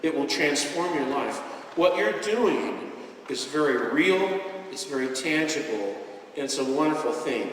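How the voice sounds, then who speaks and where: Man, slightly high voice, earnest inspirational stage speaker, recorded from the back of a big reverberant hall. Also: animated, measured pace, slight background noise. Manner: earnest, heartfelt, with gentle jokes. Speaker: guest speaker at a business convention. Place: large convention hall, indoors. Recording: echoey hall, voice picked up from far off.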